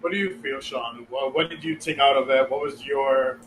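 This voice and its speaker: A man's voice: medium pitch, fairly even intonation, moderate pace, a bit bright, slight background noise. A man hosting a podcast in a loose, playful chat, laughing often. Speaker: podcast host. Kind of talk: casual chat. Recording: roomy echo with faint ambience.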